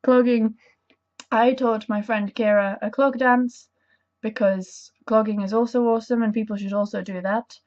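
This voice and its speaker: A woman's voice: on the high side, fairly even intonation, normal speed, a little mellow. A young woman chatting to camera in a casual vlog, bubbly and enthusiastic, rambling with self-deprecating asides. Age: young adult. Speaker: vlogger. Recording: dull lo-fi camera audio.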